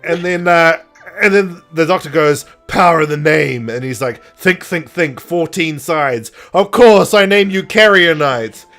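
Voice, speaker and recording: A man's voice: a little high, animated, measured pace, a bit bright, soft background music. A man co-hosting a podcast, animatedly retelling episodes and acting out characters in put-on voices. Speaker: podcast co-host. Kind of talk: casual chat.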